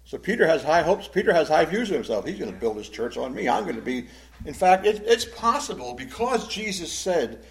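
A man teaching a Bible class as a pastor, emotive, swinging between loud emphasis and hushed, sad tones. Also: fairly high pitch, sing-song, brisk, rough recording.

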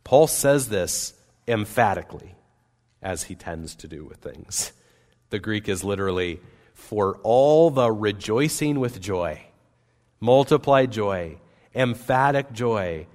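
A man preaching a sermon as pastor, earnest and emphatic, with wide swings between loud and soft. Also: on the low side, animated, takes it slowly. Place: church sanctuary. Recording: long reverb of a church hall.

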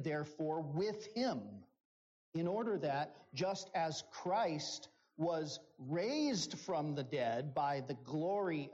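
A man preaching a sermon, slow and deliberate, rising in pitch on key phrases. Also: darkish tone. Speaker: pastor. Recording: dull, lo-fi sound.

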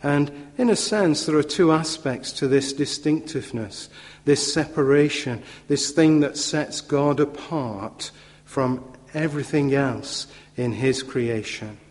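A man preaching a sermon in a measured, emphatic way, with occasional fillers and repetition for stress. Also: medium pitch. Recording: long hall reverb.

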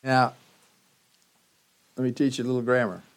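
A man preaching a sermon as pastor, teaching slowly and emphatically with dramatic pauses. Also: medium pitch, level tone, smooth.

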